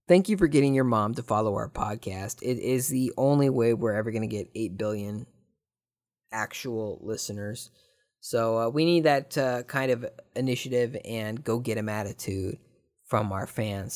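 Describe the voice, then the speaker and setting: A man hosting a laid-back podcast and answering listener questions. He rambles and cracks jokes, and his voice jumps up in excited bursts now and then. It is a plain, mid-pitched male voice. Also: moderate pace. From Southern California. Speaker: podcast host.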